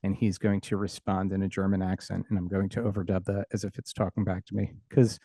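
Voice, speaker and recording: A man's voice: low-pitched, little pitch movement, brisk, mellow, no room sound. A middle-aged man, an audio engineer and educator, explaining technical ideas plainly and with humor as an interview guest on a video call.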